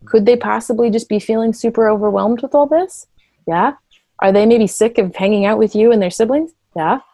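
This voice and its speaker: A woman's voice: mid-range voice, warm tone, dry recording. Explaining woman therapist, dry close sound. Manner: explanatory, acts out quick voices. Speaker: therapist and parent coach. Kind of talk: conversational interview talk.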